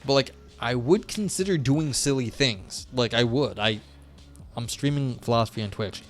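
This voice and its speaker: A man's voice: mid-range voice, normal speed. A man with a mid-range voice runs a live philosophy stream. He reads an academic paper aloud, then breaks off to explain it in plain words and to chat loosely, poking fun at himself. Faint music plays behind him. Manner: chatty and self-deprecating, reading aloud then explaining in plain terms.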